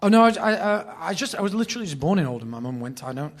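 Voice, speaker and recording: A man in his thirties with a Greater Manchester accent, telling lively, sweary anecdotes as a podcast guest. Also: a little high, rapid-fire. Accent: Northern English (Greater Manchester). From Bury, England. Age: 30s. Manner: animated storyteller, swears freely, laughs often. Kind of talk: casual chat, anecdotes.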